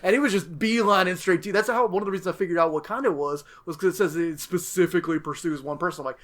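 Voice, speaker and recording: Fast-talking man, higher voice. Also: slight background noise. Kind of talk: casual gaming podcast chat.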